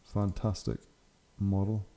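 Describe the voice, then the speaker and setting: A man's voice: fairly low pitch, level tone, takes it slowly, mellow. A young man hosting his channel, giving casual, enthusiastic commentary on hobby photos and laughing often. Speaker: channel host.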